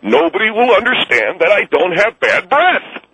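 A man's voice: high voice, huge pitch swings, normal speed, vocal fry, pushed and bright, slightly rough, dry recording, pitched above the performer's own voice, heavily acted, low-quality recording. A man voicing a crude, defensive businessman who mocks and insults callers. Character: crude defensive male businessman, self-pitying. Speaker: guest character.

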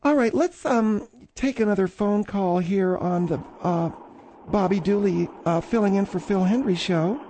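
A man's voice: high-pitched, measured pace, dark tone, a little hiss or hum. A man voicing a prim, fussy middle-aged woman who fills in as host of a comedy call-in radio show and calls callers dear and honey.

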